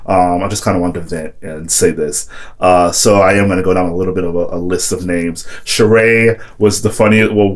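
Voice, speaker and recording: A young man vlogging, casually telling a high school story with lots of "like" and "whatever". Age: young adult. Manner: rambling, heavy use of "like" and "whatever", quotes friends in a raised voice.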